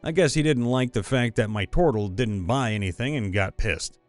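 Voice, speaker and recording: A man with a mid-range voice narrates viewer stories in a scripted voice-over at normal speed. His reading is lively, and he sometimes slips into put-on voices. Faint music plays in the background.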